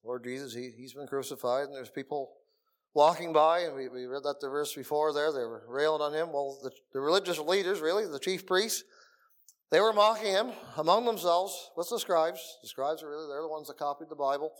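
Middle-aged guy preaching in a meeting room, earnest, fairly high voice, goes quiet then builds up. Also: a little fast. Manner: earnest, swings between soft murmurs and raised emphasis. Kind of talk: sermon.

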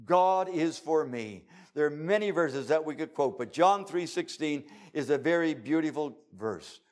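An older man preaching an evangelistic sermon, dramatic and emphatic, with pauses for effect. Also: on the high side, expressive.

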